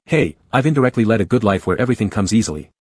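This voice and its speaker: A man reading the lines of a bold, teasing young male lover in a storybook narration, quiet and coaxing. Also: lowish voice, lively intonation, racing, slightly rough, dry recording, studio quality.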